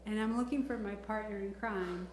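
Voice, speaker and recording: A woman's voice: medium pitch, fairly even intonation, moderate pace. A woman from Chicago, a village trustee, speaking chattily at a board meeting and often breaking into laughter. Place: council chamber. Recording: roomy chamber audio, faint noise.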